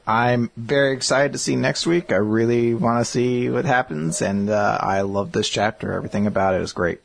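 A man's voice: mid-range voice, fairly even intonation, creaky. Male podcast co-host, casual and chatty, swears freely, mid-range voice. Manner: chatty, profane, retells scenes with quick character voices. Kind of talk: casual chat about manga chapters.

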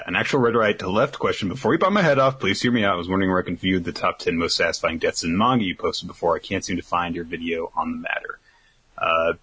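A man's voice: sits low, sharp tone, husky. A young man co-hosting a podcast, reading listener questions in a dry, rambling way that drifts into tangents. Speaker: podcast co-host.

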